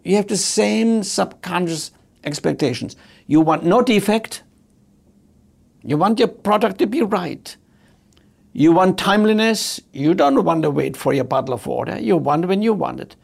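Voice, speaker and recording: Gravelly man telling a service story. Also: on the high side. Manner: animated, acts out dialogue, repeats key words. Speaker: speaker on customer service. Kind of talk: storytelling talk.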